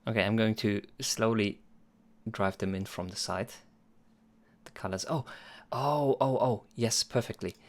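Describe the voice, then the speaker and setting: A man running a music production livestream talks a little slowly in a lowish register. His casual chat with viewers is playful and meandering, punctuated by frequent chuckles.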